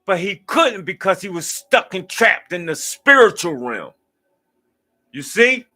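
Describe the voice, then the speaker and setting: A man's voice: sits high, very animated, measured pace, pushed and bright. A tired man hosting a late-night livestream, rambling loosely in slang and preaching about life. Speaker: livestream host.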